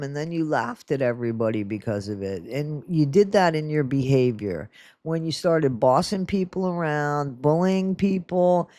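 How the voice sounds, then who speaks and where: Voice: medium pitch, a little mellow, no room sound, studio quality. A speaker in their sixties ranting through blunt, profane, scolding true crime commentary. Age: 60s. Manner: sarcastic, scolding.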